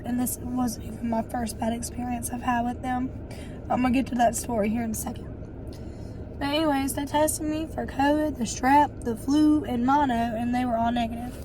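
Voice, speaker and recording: Young woman, hoarse and short of breath, chatty vlog storyteller with a slightly high voice. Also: background noise. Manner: chatty, storytelling, quick asides. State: hoarse and winded from bronchitis. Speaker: vlogger. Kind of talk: casual chat to camera.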